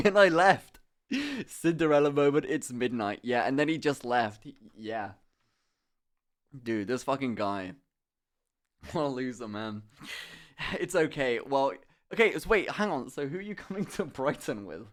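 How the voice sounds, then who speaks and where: Speaking in a mid-range voice at a measured pace, a young streamer tells his viewers an animated story packed with curse words. He keeps it casual and laughs a lot along the way.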